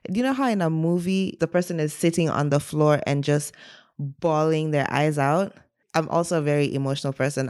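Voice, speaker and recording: A woman telling a personal story in a casual, animated, dramatic way, with many "like" fillers. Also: sits low, no room sound, clean studio sound. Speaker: guest storyteller.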